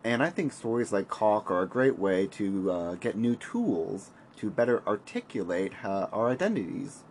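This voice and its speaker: A man with an American accent hosting a casual podcast discussion, animated and jokey. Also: on the low side, moderate pace, noisy background. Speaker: podcast host.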